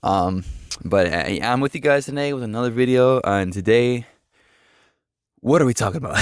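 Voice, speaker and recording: A man's voice: fairly low pitch, brisk, no echo, clean studio sound. A man vlogging in a casual, rambling, earnest way, full of fillers as he gives a motivational talk.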